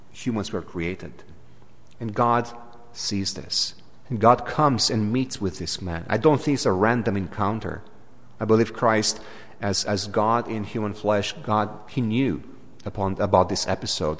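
A man with a Romanian accent, a native Romanian speaker, preaching a sermon in an animated, emphatic way, often restarting and stepping into asides. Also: on the low side, long reverb tail.

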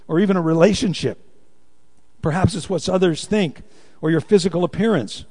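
A man's voice: a little high, mellow, long reverb tail. A man preaching a sermon, telling stories and asking his congregation questions, drawing them into call-and-response. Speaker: pastor.

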